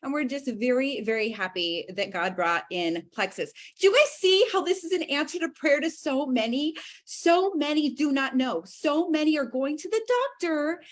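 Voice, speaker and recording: Gushing, excitable woman host. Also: high voice, normal speed. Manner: gushing, excitable, addresses viewers as you guys. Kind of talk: livestream hosting.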